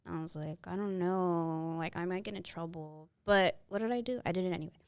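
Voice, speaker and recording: A woman in her twenties, fairly low-pitched and fairly quick, tells a story as a podcast guest, playing out the characters with animated energy. It's casual storytelling on a close mic, with a clean tone and a dry recording.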